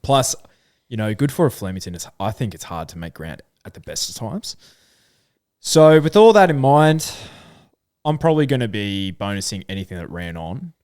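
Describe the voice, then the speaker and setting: A man's voice: sits low, sing-song, a little fast, dry recording, clean studio sound. A man with an Australian accent co-hosting a casual horse racing podcast, thinking aloud with plenty of fillers. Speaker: podcast co-host.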